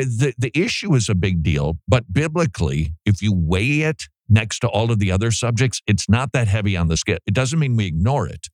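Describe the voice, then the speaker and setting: Lively low-voiced male show host. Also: fairly quick, dry recording, studio quality. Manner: animated, sarcastic mock-quoting. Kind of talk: casual commentary on theology.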